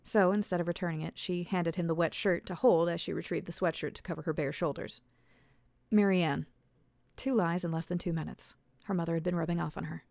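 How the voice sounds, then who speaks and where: A woman author reads her own story aloud at a steady, measured pace. Her voice sits low with a gravelly fry, and the sound is close and dry with no room around it. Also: no echo. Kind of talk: storybook narration.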